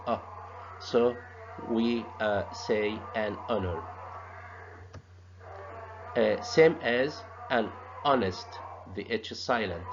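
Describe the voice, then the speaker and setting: Slow, halting male teacher. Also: on the low side, noisy background. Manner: slow, halting, repeats sounds and words. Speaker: English teacher. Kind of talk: grammar lesson. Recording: dull lo-fi sound.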